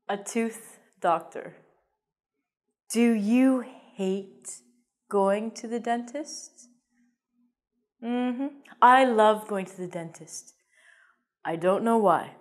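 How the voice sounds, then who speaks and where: A woman's voice: a little high, slow, pauses often, darkish tone. A woman teaching an English vocabulary lesson in a playful, jokey way, with theatrical asides.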